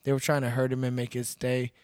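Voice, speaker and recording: Monotone and quick, a young Texan podcast guest, a bouncer and MMA fighter, recounts stories in a casual chat. His mid-range voice has a darkish tone, and he stays blunt and laid-back, swearing liberally. The recording is studio quality with no echo.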